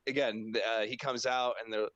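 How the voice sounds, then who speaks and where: Guy on a wrestling podcast, swears a lot, jumps into squeaky mock voices, dry close mic. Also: moderate pace, no room sound, muffled recording. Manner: animated, profane, acts out reactions in high mock voices. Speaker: podcast co-host. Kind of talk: casual wrestling chat.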